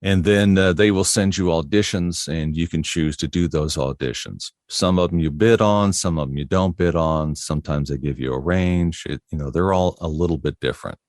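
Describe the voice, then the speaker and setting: A middle-aged voiceover artist talks easily in a relaxed interview, telling anecdotes about his work and chuckling often. His deep, darkish voice moves at normal speed with hardly any pauses. The recording is clean studio sound with no room sound.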